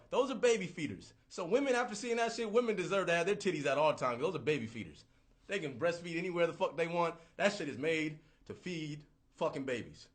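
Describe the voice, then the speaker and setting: A man in his thirties ranting casually on a livestream, profane, rambling and animated. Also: on the high side. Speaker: livestream host.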